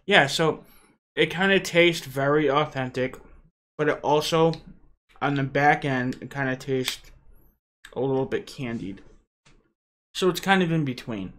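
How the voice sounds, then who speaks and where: A man's voice: medium pitch, a little slow, long pauses, a bit bright. A man hosting a casual unboxing vlog, chatty and rambling, with frequent "uh" fillers. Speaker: channel host.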